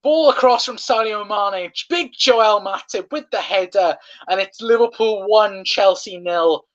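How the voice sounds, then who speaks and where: A man's voice: high-pitched, unhurried, fairly bright tone. A man hosting a live football watchalong, passionately ranting and swearing at referee decisions, on a dull lo-fi stream mic. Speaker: fan watchalong host.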